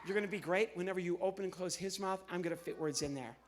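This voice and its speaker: A man from New Jersey, a ventriloquist and comedian, cheerfully coaching volunteers on a church stage. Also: sits high. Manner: upbeat, coaxing, gives quick instructions to volunteers. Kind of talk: live comedy stage show. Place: church stage before an audience.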